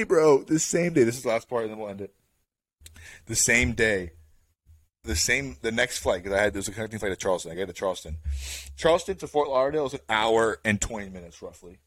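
A male podcast host telling a rambling story in a casual chat, full of fillers and slang, getting louder as it builds. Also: fairly low pitch, no room sound. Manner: rambling, filler-heavy with "like" and "bro"; animated, builds up to louder bursts.

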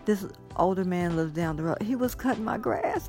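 A woman's voice: a little high, moderate pace, hardly any pauses, faint music behind. A woman vlogging casually, telling a rambling story and gushing with thanks, teary with joy. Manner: effusive, grateful, rambling storytelling. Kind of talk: casual vlog monologue.

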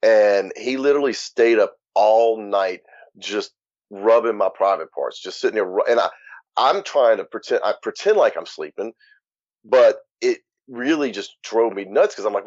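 A man's voice: fairly low pitch, animated, unhurried, darkish tone, dry recording. A man, speaking as an interview guest and telling his story bluntly and frankly. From Louisiana. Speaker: guest, author. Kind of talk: candid interview. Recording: dull lo-fi dry recording.

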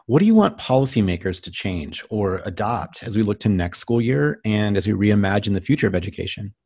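A man's voice: lowish voice, very animated, brisk, a little mellow, husky, no room sound, studio quality. A man interviewing a teacher, asking casual, thoughtful questions.

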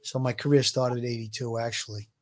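This Brooklyn-born former detective, now in his sixties and co-hosting a podcast, has a mid-range voice with little pitch movement and a Brooklyn accent. He talks fast in a casual, rambling way, full of filler words.

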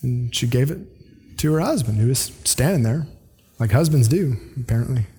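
A man's voice: medium pitch, animated, normal speed, warm tone, husky. A man preaching a sermon in an earnest, conversational way, with restarts and side notes. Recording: long hall reverb.

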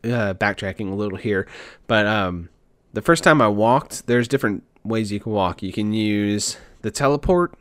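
A man's voice: fairly low pitch, moderate pace, a bit bright, no room sound, clean studio sound. A man hosting a podcast in casual chat, talking enthusiastically in a rambling, slangy way.

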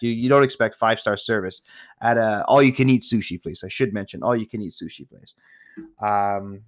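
A man's voice: fairly low pitch, a bit bright. A man hosting a podcast, ranting casually about tipping with lots of swearing and rambling restarts. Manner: profane, exasperated, rambling with restarts. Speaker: podcast host.

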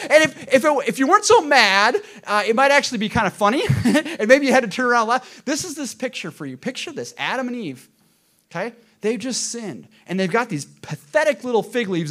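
Pastor, male, higher-pitched voice, animated sermon delivery, shifts from loud to hushed, quizzes the congregation. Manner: addresses congregation directly with questions.

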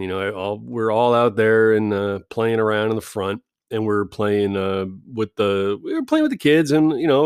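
A man's voice: lowish voice, no echo, studio quality. A man in his forties telling a rambling, self-deprecating story in casual vlog chat, laughing often. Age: 40s. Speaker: vlogger.

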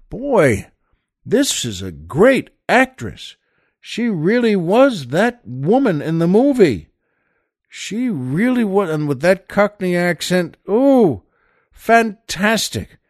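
A man's voice: on the high side, darkish tone, dry recording, studio quality. An older man hosting his own show, talking to listeners in a chatty, enthusiastic, rambling way with many asides. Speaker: show host. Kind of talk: casual monologue to listeners.

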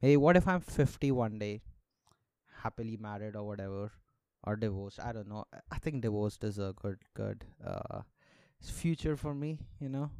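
A man's voice: lowish voice, lively intonation, normal speed, darkish tone, smooth, dry recording. Sarcastic, profane young man ranting. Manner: sarcastic, profane, laughs often. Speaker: podcast host. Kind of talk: casual solo podcast rant.

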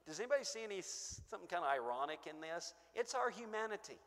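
A man preaching a sermon, emphatic, swinging between booming stresses and hushed asides. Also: expressive, fast talker. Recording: long echo of a church hall.

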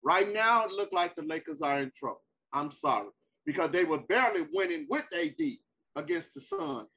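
A man's voice: fairly high pitch, lively intonation, normal speed, sharp tone, rough recording. A man co-hosting a casual sports talk debate, emphatic and repeating himself to hold the floor.

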